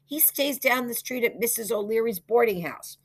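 A woman voicing a father who scolds in a blustery, gruff way. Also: fairly high pitch, moderate pace, voice pushed up, close to an everyday voice.

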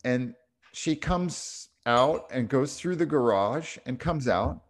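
A man's voice: mid-range voice, lively intonation, slow. A middle-aged man telling a story on a casual spiritual podcast, reflective and full of small restarts. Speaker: podcast co-host.

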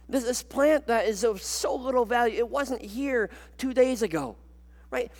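Brief: male preacher as an insistent divine voice, high and loud, wide swings, long echo. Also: heavily acted. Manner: urgent, rising, insistent. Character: exasperated pleading male deity.

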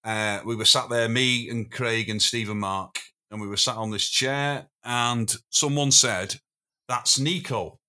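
Male podcast guest, anecdotal rambler who restarts his sentences, mid-pitched and bright. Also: fairly even intonation, unhurried, hardly any pauses, clear, resonant tone. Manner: rambling storyteller, self-interrupting, chuckling. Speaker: podcast guest, former drummer. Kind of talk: casual anecdotal chat.

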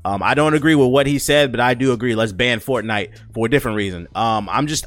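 A man's voice: medium pitch, quick pace, few pauses, fairly bright tone, dry recording. A man hosting his own podcast, rambling and joking in a casual, profane rant. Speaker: podcast host.

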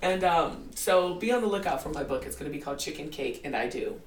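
A fast-talking woman in her forties with a low voice is the guest in a candid interview about her life. Animated and quick to laugh, she acts out what people said, while a crowd murmurs behind her and a distant mic captures the roomy space's faint ambience.

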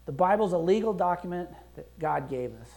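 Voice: mid-range voice, expressive, fairly quick, dark tone. A pastor preaching a sermon in a conversational, emphatic way, acting out prayers and quotes as he goes. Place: church.

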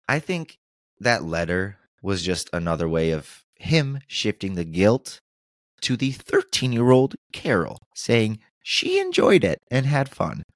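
A man narrates a true-crime podcast in a low voice, dropping sarcastic asides between quoted passages. The recording is dry and close, with no room sound. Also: no echo. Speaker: podcast host.

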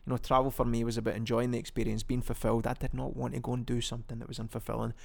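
Racing along in a flat, creaky, darkish mid-range voice, a young Scottish podcast host chats on his own. He rambles loosely, with lots of ums and restarts.

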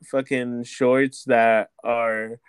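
Smooth-voiced man, rambling casual chat. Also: mid-range voice, level tone, very slow. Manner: rambling, filler-heavy, swears a lot.

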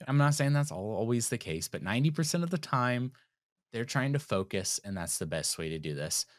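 A man co-hosting a podcast in casual chat, animated and joking. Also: mid-range voice, brisk, no room sound, studio quality. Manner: animated and joking, swings up and down in delivery. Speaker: podcast co-host.

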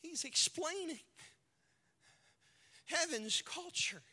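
Pastor guy preaching in a big echoey hall, high bright voice, slow and dramatic, acts out the story. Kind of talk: sermon.

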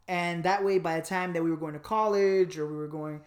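A man from Miami telling a personal story in a casual podcast chat, animated and joking, with lots of fillers. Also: fairly high pitch, a little fast. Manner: animated, joking, acts out voices, many fillers. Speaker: podcast co-host.

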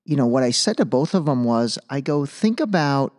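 A man's voice: medium pitch, animated, normal speed, darkish tone. A man hosting a podcast solo, talking in a loose, chatty way and slipping in jokes. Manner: loose, chatty, jokey asides. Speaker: podcast host. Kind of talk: casual solo podcast commentary. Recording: long room reverb.

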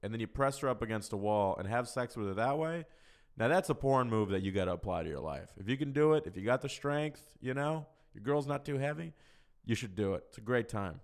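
A man's voice: mid-range voice, animated, fairly quick. A man hosting a solo podcast, answering listener questions in casual chat, talking frankly and profanely with a rambling, loose flow. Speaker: podcast host.

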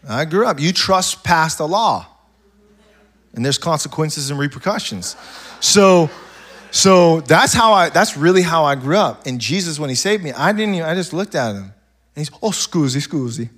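A man preaching a sermon to a congregation, swinging from quiet asides to loud, animated bursts, with loose storytelling full of restarts. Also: on the high side, moderate pace. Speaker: pastor.

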